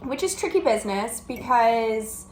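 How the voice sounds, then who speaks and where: A woman's voice: on the high side, animated, unhurried, slight background noise. Upbeat woman host in an echoey room. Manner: chatty, upbeat, laughs often. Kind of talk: casual chat. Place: indoors by a large window.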